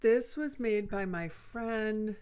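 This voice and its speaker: A middle-aged woman co-hosting a podcast, easygoing and quick to laugh in casual chat. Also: medium pitch, animated, darkish tone, smooth, no room sound. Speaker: podcast co-host.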